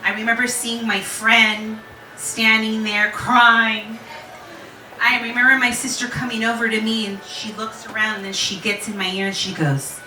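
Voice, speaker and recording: A woman in her forties telling a personal story to a live audience, candid and animated, laughing and swearing freely. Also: a little high, normal speed, reverberant, recorded from a distance, slight background noise, low-quality recording. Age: 40s.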